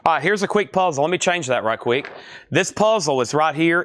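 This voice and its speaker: A man's voice: a little high, expressive, moderate pace, a bit bright, no room sound, studio quality. A man running a live record auction stream, rattling off prices and bidder names with chatty asides to viewers.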